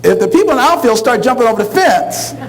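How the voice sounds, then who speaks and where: A man's voice: very high-pitched, fast, poor audio. A middle-aged man telling a funny personal story, acting out the voices of the people in it. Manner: animated, acts out quoted voices, laughs along.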